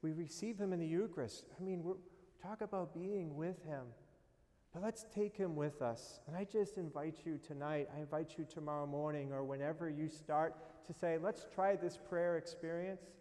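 A priest preaches a homily in a soft, mellow voice that sits a little high for a man. He speaks slowly and gently with a prayerful calm, and his words ring out with the long echo of a big church. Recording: long reverb of a large hall.

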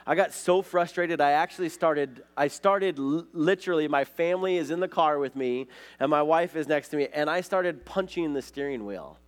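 This Montana pastor's voice is fairly high and moves at a moderate pace. He tells stories in a casual, conversational sermon, often saying "like" and "right?".

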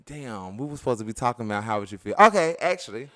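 A man's voice: medium pitch, lively intonation, quick pace, pushed and bright, dry recording, clean studio sound. A man from Tennessee, co-hosting a casual podcast chat, playful and teasing. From Nashville, Tennessee. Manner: playful, teasing, swears freely. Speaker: podcast co-host.

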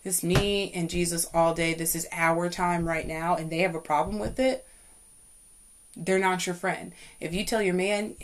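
Fired-up young woman preaching faith advice. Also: normal speed. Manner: preachy, emphatic, swings loud and high when fired up. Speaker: podcast host. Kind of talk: faith-based motivational talk.

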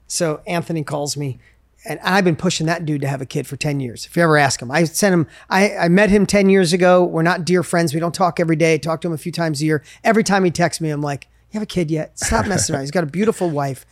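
Fast-talking male podcast host. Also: on the high side, no room sound, studio quality. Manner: animated storyteller, acts out quotes. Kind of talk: casual podcast conversation.

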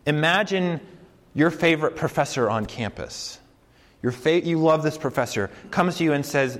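A man preaching a sermon in a conversational, earnest way, slowing down to stress key points. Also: a little high, a bit bright. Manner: conversational, earnest, slows down for emphasis. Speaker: campus preacher. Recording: long hall reverb.

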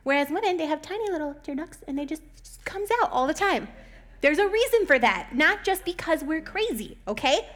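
A woman's voice: high-pitched, lively intonation, a little fast, fairly bright tone. A young adult woman talking casually as a host, chatty and full of "like" fillers, often laughing between points. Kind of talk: casual chat.

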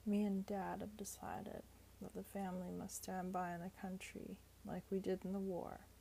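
A woman's voice: medium pitch, little pitch movement, normal speed, vocal fry, mellow, a little hiss or hum, natural voice. A woman reading aloud, voicing a wheezy, bossy older working-class London mother. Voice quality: wheezing, heavy breathing. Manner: bossy, self-righteous.

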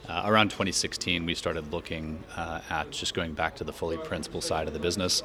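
An American-raised man, a mining company executive, explaining his business in a podcast interview with a measured manner and many fillers. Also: low voice, steady tone, crowd noise. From United States. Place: Australia.

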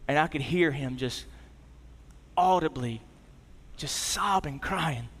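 A male pastor in his thirties delivers a storytelling sermon, his voice sitting high for a man. He moves between energetic emphasis and quiet, low passages. The sound carries the long reverb of a big hall. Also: slow.

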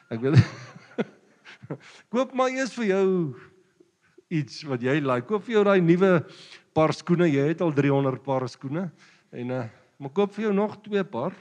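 Joking South African pastor in a hall. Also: male voice, a little high, darkish tone. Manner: switches between Afrikaans and English, jokey, laughs often. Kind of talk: sermon. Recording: long hall reverb.

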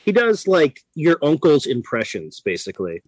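A man co-hosting a podcast in casual chat, sardonic and jokey with deadpan asides. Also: fairly high pitch, normal speed, no room sound. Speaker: podcast co-host.

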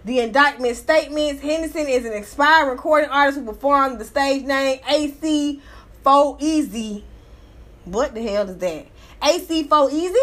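A woman reads a news article and riffs on it in a loose, profane commentary. Her voice sits high, and she talks in an animated, sassy way, often breaking into laughter. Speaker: commentator reacting to a news story. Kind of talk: casual commentary reading and reacting to an article.

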